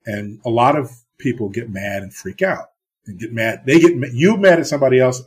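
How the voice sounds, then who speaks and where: A man's voice: mid-range voice, darkish tone, breathy edge. A middle-aged TV producer from the US East Coast, telling blunt, profane stories in a casual interview and acting out the exchanges he quotes.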